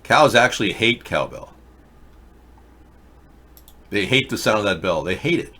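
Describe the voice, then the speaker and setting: A man hosting a political talk show, ranting in a rambling monologue, lurching from loud high outbursts to low mutters. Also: animated, measured pace, noisy background. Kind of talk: rambling live-stream monologue.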